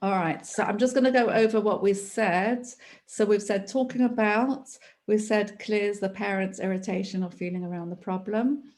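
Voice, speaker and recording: Woman, therapy trainer, middle-pitched, slow, repetitive, patient, teaching. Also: a little mellow.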